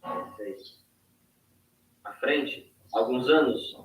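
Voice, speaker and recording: Very slow, hesitant man. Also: medium pitch, faint music behind. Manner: hesitant, searching for English words. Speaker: student. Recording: distant echoey call with faint noise.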